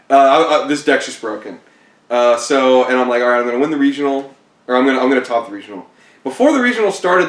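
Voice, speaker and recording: Laid-back man telling stories, roomy echo. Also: medium pitch. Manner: laid-back, self-deprecating, laughs often. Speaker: competitive card game player. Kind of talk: casual storytelling interview. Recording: roomy echo, mic at a distance.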